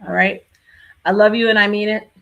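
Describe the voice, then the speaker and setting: A woman hosting a casual live Q&A, talking warmly and affectionately to her viewers. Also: medium pitch, level tone, fairly quick, vocal fry. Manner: affectionate, repeats loving farewells. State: tearful near the end. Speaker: livestream host.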